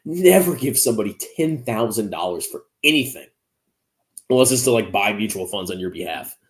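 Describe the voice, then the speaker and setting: A man's voice: lowish voice, expressive, a little fast. A man in his thirties giving sarcastic reaction commentary as a finance YouTuber, mocking his rivals and laughing often. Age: 30s.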